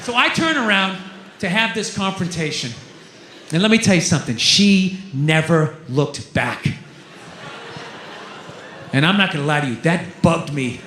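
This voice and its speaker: A man performing a stand-up comedy routine, ranting and swearing, jumping from muttering asides to shouted outbursts. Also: on the high side, expressive, a little slow, long pauses, slight background noise. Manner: loud, ranting, profane, swings between shouting and muttering. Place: comedy club stage. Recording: echoey live club room.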